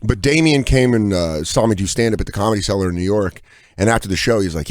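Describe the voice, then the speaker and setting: A man's voice: fairly low pitch, fast talker, dry recording. A man, a comedian and actor, chatting as a guest on a radio show, telling stories and acting out what people said in different voices. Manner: animated storyteller, acts out quotes in voices. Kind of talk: casual radio interview chat. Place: radio studio.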